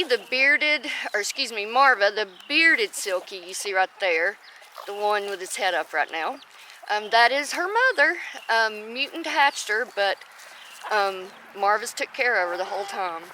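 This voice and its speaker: Her pace measured and her manner animated, a woman homestead vlogger chats casually during farm chores outdoors at the chicken and rabbit pens. Her medium-pitched voice often breaks off to coo at her chickens by name, and background noise is present.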